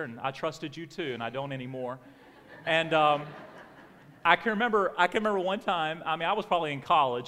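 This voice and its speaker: Pastor preaching in a reverberant church. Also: male voice, mid-range voice. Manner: animated storytelling, acts out family members in raised voice. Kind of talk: sermon with personal story. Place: church sanctuary. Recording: long reverb of a church hall.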